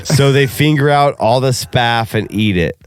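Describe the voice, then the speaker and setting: A man's voice: medium pitch, moderate pace, clean tone, soft background music. Young male podcast co-host, crude and profane, laughs a lot, resonant voice. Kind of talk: crude casual podcast banter.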